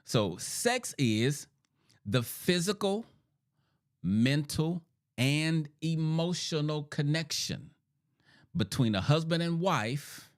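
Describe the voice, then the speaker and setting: A middle-aged man talks listeners through his ideas like a teacher, his pitch swinging up and down with animation. He repeats his key points and checks in with "right?" and "okay?". He sounds a little sick, clearing his throat now and then. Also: lively intonation, takes it slowly. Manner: repetitive, emphatic, rhetorical "right?" checks. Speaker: therapist hosting a podcast. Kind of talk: teaching monologue.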